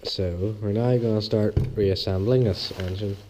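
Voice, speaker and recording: A man with a hoarse voice from the flu, hosting a casual step-by-step engine repair tutorial, chatty and homely, repeating small instructions. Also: fairly low pitch, steady tone, measured pace, dark tone, a little hiss or hum, poor audio. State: hoarse, losing his voice with flu. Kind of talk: casual step-by-step workshop demonstration.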